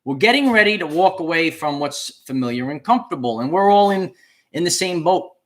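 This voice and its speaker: Man preaching to livestream viewers, fairly high. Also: expressive, fairly quick. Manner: repetitive, preacher-like emphasis, repeats key phrases. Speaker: channel host.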